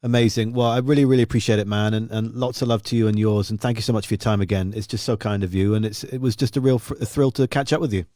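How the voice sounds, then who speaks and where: A man's voice: lowish voice, steady tone, fast, hardly any pauses, warm tone, dry recording, studio quality. A man hosting a live stream chat, effusive and grateful toward his guest. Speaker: host.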